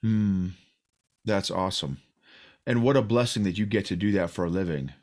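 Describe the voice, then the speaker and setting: A man's voice: low voice, moderate pace, darkish tone. A man hosting a casual interview, reflective and openly emotional, often restarting his sentences. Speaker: podcast host.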